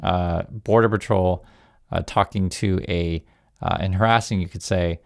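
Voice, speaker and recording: A man's voice: sits low, fairly even intonation, unhurried, vocal fry, no room sound, clean studio sound. A man hosting a casual news commentary channel, talking conversationally to his viewers with frequent fillers.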